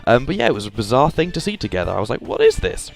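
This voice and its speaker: A man's voice: mid-range voice, very animated, rapid-fire, creaky, soft background music. A young man from England with an English accent, narrating his trip photos in a chatty, hesitant voice-over full of fillers. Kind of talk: casual voice-over commentary.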